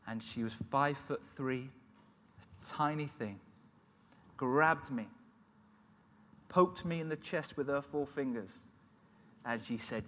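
A man's voice: mid-range voice, takes it slowly, pushed and bright. Earnest man preaching in a reverberant hall. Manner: earnest, storytelling, emotional. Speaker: preacher giving testimony. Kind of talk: personal testimony sermon.

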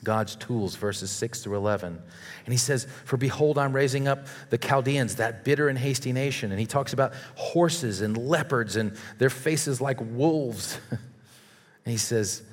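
A man's voice: mid-range voice, unhurried. A male preacher delivering an earnest sermon, reading scripture aloud and warning his listeners. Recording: long reverb of a large hall.

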